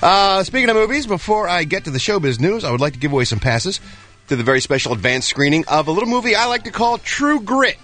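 A man's voice: sits high, very animated, quick pace, fairly bright tone. A man reading entertainment news on a morning radio show in a studio, playful and hammy. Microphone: studio microphone.

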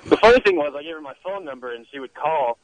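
A man calling in to a radio show, telling a story in a relaxed, amused way. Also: a little high, fast, dry recording. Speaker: caller. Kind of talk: radio call-in. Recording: dull phone line.

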